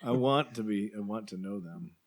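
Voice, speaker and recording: A man's voice: lowish voice, fairly quick, heavy background noise. A male guest on a comedy podcast, chatting casually and teasing the others with dry wisecracks.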